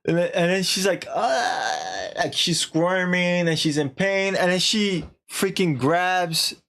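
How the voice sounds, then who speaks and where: A man's voice: sits high, fairly even intonation, measured pace, a bit bright. A young man streaming, casually recapping a story in a rambling, slangy way with lots of filler.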